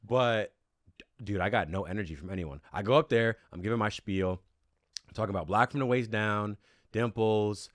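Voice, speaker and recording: A man's voice: lowish voice, moderate pace, no room sound, studio quality. A man casually recapping a reality show on a podcast, laid-back and swearing freely as he tells stories.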